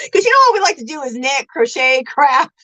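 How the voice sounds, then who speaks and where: A chatty woman hosting a crafting livestream, her fairly high voice swinging up and down with lots of life. She sounds effusive and friendly, calling viewers girl and sweetie, and her voice comes across close and dry on a phone. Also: lively intonation, normal speed, bright, forceful tone, no echo, rough recording. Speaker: livestream host of a yarn crafting show. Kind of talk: casual livestream chat, reading comments aloud.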